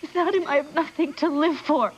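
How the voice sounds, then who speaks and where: An actress as a high-voiced, despairing woman. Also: fairly even intonation, brisk, dull audio, slight background noise, lightly acted. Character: grieving young woman in despair.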